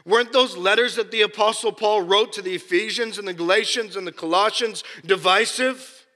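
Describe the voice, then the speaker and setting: Brief: male preacher, bright high voice, impassioned, loud then hushed, in a reverberant hall. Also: normal speed. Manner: impassioned, swinging between loud emphasis and hushed asides. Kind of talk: sermon.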